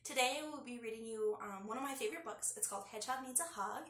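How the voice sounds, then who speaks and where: A young woman with a high, bright voice reads a storybook aloud to children. She is cheerful and speaks to the kids directly. The room is echoey. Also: fast. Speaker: school staff reading to pupils.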